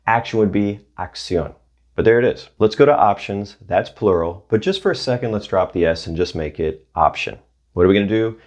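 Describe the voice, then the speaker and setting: Man, language teacher, video lesson, upbeat, asks the viewer questions, slightly low voice. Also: a little mellow. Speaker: Spanish teacher.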